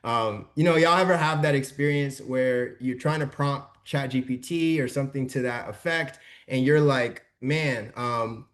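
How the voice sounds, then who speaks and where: A man's voice: mid-range voice, moderate pace, hardly any pauses, fairly bright tone. Chatty young man teaching a workshop. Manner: chatty and informal, checks in with the audience often. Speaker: workshop presenter. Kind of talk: casual live workshop teaching. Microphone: video call.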